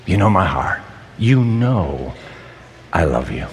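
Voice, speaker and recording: A man voicing an ashamed fisherman who answers in a low, hushed, halting voice. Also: big pitch swings, big-room sound, slight background noise, exaggerated voice. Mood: humbled. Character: ashamed fisherman, grown man, quiet and humbled.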